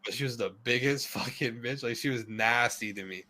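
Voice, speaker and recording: A man's voice: mid-range voice, normal speed, pushed and bright. A young man telling a story in casual podcast chat, rambling, laughing often and swearing a lot. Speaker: podcast guest.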